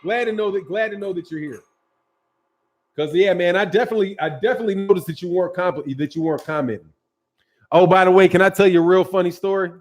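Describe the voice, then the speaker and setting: High-voiced man ranting emphatically. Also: quick pace. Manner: emphatic, repeats points for stress. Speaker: boxing channel host. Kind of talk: live-stream commentary reading viewer chats.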